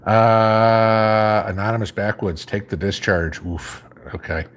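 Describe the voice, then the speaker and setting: Deep-voiced man, faint Chicago accent. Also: slow pace. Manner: reads viewer comments aloud and answers in a relaxed, rambling way. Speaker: live stream host answering chat. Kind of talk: casual live chat.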